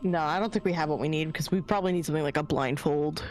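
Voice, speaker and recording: A woman streaming a mystery game, cracking jokes and swearing freely. Her voice sits low. Faint music plays behind her. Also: fast talker, a little mellow. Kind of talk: casual gaming commentary.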